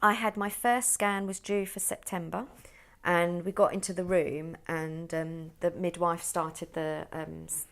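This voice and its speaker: A woman's voice: on the low side, a little slow, creaky. Woman vividly retelling a personal story. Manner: animated storyteller who acts out the people in her story. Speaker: podcast guest. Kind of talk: personal conversation.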